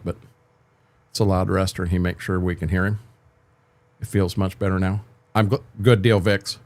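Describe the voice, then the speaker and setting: A man's voice: low voice, steady tone, moderate pace, creaky. Rambling older man streaming a farming game. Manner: rambling, repeats and restarts words, talks to chat by name. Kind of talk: casual livestream chat with viewers. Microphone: desk microphone.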